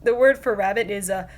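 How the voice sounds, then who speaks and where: A woman hosting a casual livestream, chatting with viewers in a rambling way with many fillers and frequent laughs. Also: mid-range voice. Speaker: livestream host.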